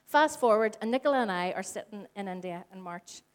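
A woman's voice: medium pitch, a little fast. Storytelling woman in her forties preaching. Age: 40s. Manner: animated storytelling, acts out quoted dialogue. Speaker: church speaker. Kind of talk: conversational sermon with stories. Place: church hall before a congregation.

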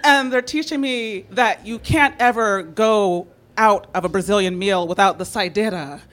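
A woman of middle pitch tells a personal story with plenty of energy. She is from San Francisco, laughs often, and slips into quick voices for the people she quotes. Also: animated, fairly bright tone, slight background noise. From San Francisco, United States.

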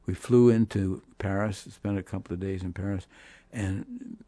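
An older man, a guest musician, telling animated anecdotes in an interview and voicing the people he quotes. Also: sits low, normal speed, no room sound. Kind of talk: storytelling interview.

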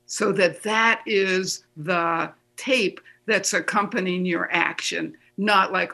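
A guest with a bright, crisp voice. They speak earnestly in a casual conversation, giving practical tips and acting out encouraging self-talk. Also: mid-range voice, steady tone, slow, few pauses.

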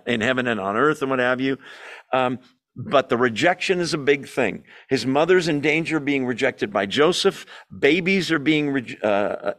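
A man teaching a Bible study group in a mid-pitched voice. He talks in a conversational, emphatic way, stresses key points and puts questions to his listeners. He slips in small jokes as he goes. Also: a bit bright.

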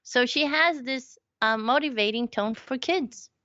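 In a casual podcast chat, a female guest brings her stories to life playfully, slipping into the voices of the people in them. She has a high voice and speaks a little slowly. The recording sounds slightly dull and lo-fi, dry and close, with no room around it.

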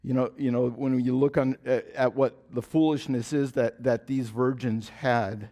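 A man preaching a sermon in an earnest style, repeating phrases and restarting often, dropping to a soft, low voice for emphasis. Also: fairly even intonation, measured pace. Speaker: pastor.

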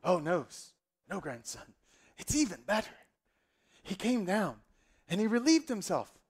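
Brief: old boastful grandpa king, quiet storyteller, put on by a preacher. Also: sits high, sing-song, breathy edge, pitched above the performer's own voice, full character voice. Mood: sly boastful. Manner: hushed, slow, storytelling.

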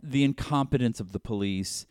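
A man's voice: mid-range voice, normal speed, a little mellow, no room sound, clean studio sound. A man in casual chat, rambling and swearing as he riffs on crime stories, slipping into comic impressions.

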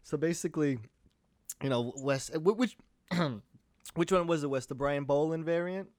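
A man co-hosting a podcast, telling an animated, profane story with laughs in casual chat. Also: a little high, normal speed, no room sound, studio quality. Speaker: podcast co-host.

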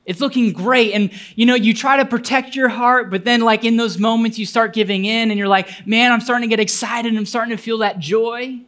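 A man's voice: very high voice, steady tone, a little fast, hardly any pauses, a bit bright. A male pastor preaching a sermon, telling a personal story earnestly and building to fervent appeals.

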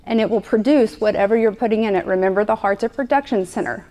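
A woman's voice: medium pitch, fast talker, warm tone. A woman preaching a sermon to a live congregation, conversational and playful, repeating her points often. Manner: conversational, repetitive, playful asides.

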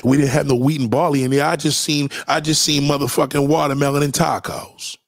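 A male commentator rants heatedly at a clip he's reacting to, profane, confrontational and preachy. His voice is on the high side with a steady tone and brisk pace, captured in clean studio sound with no room echo.

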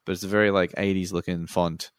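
A man's voice: sits low, little pitch movement, fast, clear, resonant tone, dry recording, clean studio sound. A laid-back Australian man in casual chat, swearing freely and laughing often.

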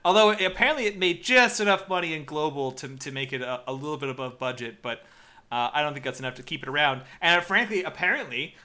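A man co-hosting a podcast in casual chat, excitable and laughing often, with frequent filler restarts. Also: on the high side, fast. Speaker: podcast co-host.

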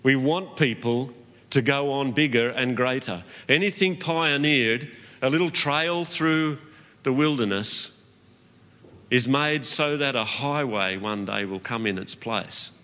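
Male pastor, bright earnest sermon voice, long church-hall reverb, slightly dull recording. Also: mid-range voice, measured pace. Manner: earnest, with light laughs and asides to the congregation. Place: church auditorium.

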